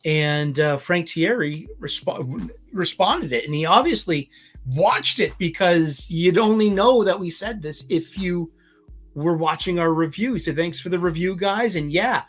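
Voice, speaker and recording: A man hosting a casual comics livestream, talking in a rambling, halting way with many fillers and restarts. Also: fairly high pitch, expressive, faint music behind. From Boston area. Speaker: comics review livestream host.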